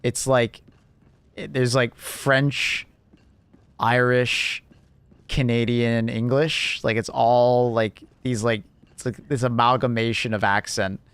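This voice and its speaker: A young man live-streaming and chatting casually with viewers, rambling with lots of fillers and quick laughs. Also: medium pitch, little pitch movement, a bit bright, clear, resonant tone, dry recording.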